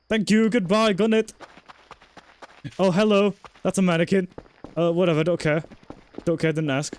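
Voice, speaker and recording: A man's voice: high voice, fairly even intonation, moderate pace, long pauses, a little hiss or hum. A man streaming a game in casual commentary, chatty, swearing and joking while talking to his chat.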